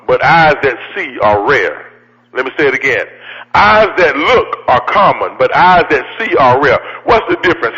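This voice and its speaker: Male radio host, high-ish forceful voice, emphatic and repetitive, preacher-like build; reverberant, muffled recording. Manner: emphatic, repeats his lines, builds to preacher-like intensity. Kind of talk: fiery radio monologue.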